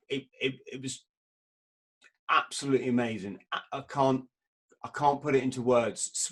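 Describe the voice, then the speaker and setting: Brief: male podcast host, mid-pitched, blunt and emphatic, swears freely, trips over his words. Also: fairly bright tone. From Britain. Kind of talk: candid storytelling in conversation.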